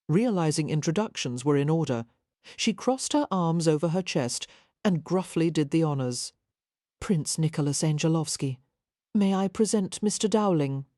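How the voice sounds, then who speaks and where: A woman narrating a historical romance audiobook in a measured, even reading. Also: low voice, no room sound, clean studio sound.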